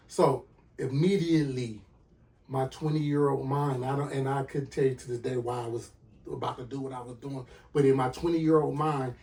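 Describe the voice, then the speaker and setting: A man hosting a podcast, telling a personal story with lively acted-out dialogue and sound effects. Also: medium pitch, moderate pace, creaky, recorded from a distance. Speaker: podcast host.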